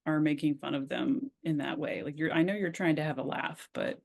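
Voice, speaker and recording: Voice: medium pitch, steady tone, fairly quick, gravelly, hardly any pauses. A podcast co-host talking reflectively in casual chat, often stopping and restarting sentences.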